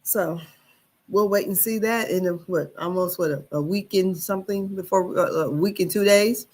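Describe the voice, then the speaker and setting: Her lowish, slightly mellow voice moves at a moderate pace. As a gossip channel host going over reality-show drama, she rambles and hesitates, with lots of fillers and restarts.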